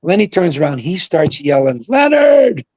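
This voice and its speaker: An older man, a former pro bowler, telling rambling, animated stories over a video call and shouting out the quoted lines. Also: fairly high pitch, a little fast, slightly rough, dry recording, muffled recording. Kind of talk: casual storytelling on a livestream. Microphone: video call mic.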